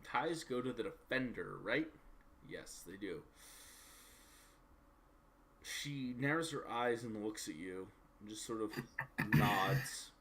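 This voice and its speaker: A man's voice: fairly low pitch, expressive, slow pace, long pauses, a bit bright. A man narrating as game master of a live-streamed tabletop game, in a loose, chatty way full of "sort of" and "like". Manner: loose, conversational, lots of "sort of" and "like".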